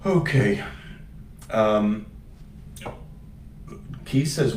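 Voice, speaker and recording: A man with a lowish voice tells stories to his viewers in a loose, jokey way, breaking off and restarting his sentences. He sits a bit back from the mic in a roomy space with some echo. A faint hum of ambient noise runs behind him. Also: very animated, slow pace, pauses often. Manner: rambling, jokey, self-interrupting. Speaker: comedian doing a daily live stream. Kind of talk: casual rambling chat to viewers. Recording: roomy sound, mic at a distance.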